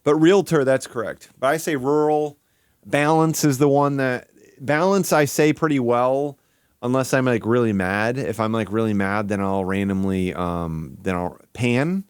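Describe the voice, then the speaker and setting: A man from Michigan chatting casually on a live stream, goofy and crude, rambling with giggles and sudden high yelps. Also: measured pace, clean tone, dry recording, clean studio sound.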